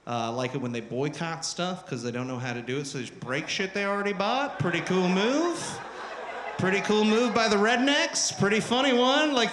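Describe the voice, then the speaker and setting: A young man with a high, bright voice works a club crowd with crude, self-mocking stand-up. He shouts at the audience and drops into loud jeering impressions. The live room rings around his handheld mic, with faint crowd noise behind. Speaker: stand-up comedian. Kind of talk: stand-up comedy set. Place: comedy club stage. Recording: roomy live club sound. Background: crowd laughter.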